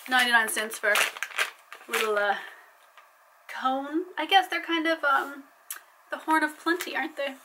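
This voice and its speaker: Bright, playful woman vlogging. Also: high-pitched, steady tone, normal speed, long pauses, a little hiss or hum, rough recording. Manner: playful, chatty, joking. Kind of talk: casual vlog chat.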